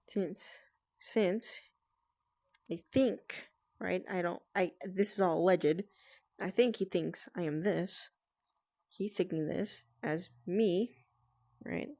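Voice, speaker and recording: A woman talking quietly and carefully at home, explaining herself to friends with nervous laughs. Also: fairly low pitch, slow pace, pauses often. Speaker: vlogger. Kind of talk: casual explainer talk to friends. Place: at home with family nearby.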